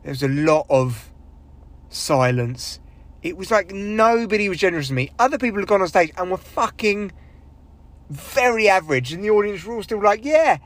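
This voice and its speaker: A man's voice: high voice, expressive, normal speed, a bit bright. A young man, a stand-up comedian, talking in a casual solo podcast monologue, rambling, swearing and running himself down. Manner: rambling, sweary, self-deprecating, with big vocal swings when acting out others.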